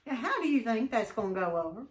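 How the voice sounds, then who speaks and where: A woman teacher reading a novel aloud to her class in an expressive way, pausing to ask the class questions. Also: on the high side, far from the mic.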